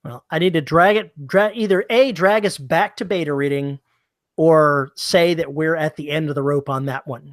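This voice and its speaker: A man with a fairly high voice co-hosts a casual podcast. He teases his partner and pokes fun at himself in a wry tone. The studio mic gives a close, dry sound. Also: moderate pace, dry recording. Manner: wry, self-deprecating, teasing. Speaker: podcast co-host.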